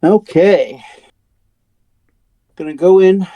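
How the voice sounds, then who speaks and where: A man's voice: sits high, extremely slow, dull audio. A man playing a tabletop role-playing game, eagerly describing his wrestler's moves. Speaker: player.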